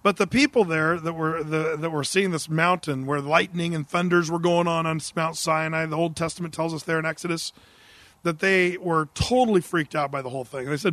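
Middle-aged male preacher, high and light voice, dry close sound, chatty comic storyteller. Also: fairly quick, dry recording. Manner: humorous, conversational, animated storytelling. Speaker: pastor. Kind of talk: sermon.

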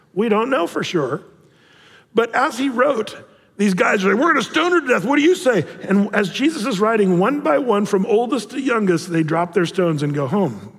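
A pastor with a high, husky voice preaches a sermon in a reverberant hall. He tells Bible stories with humor, animatedly acting out the voices of the people in them.

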